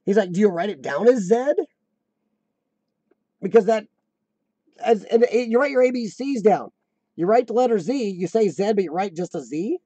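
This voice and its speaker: A man's voice: sits high, lively intonation, moderate pace, mellow, no room sound, dull audio. An American man hosting a live stream, rambling casually and joking to his viewers. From United States.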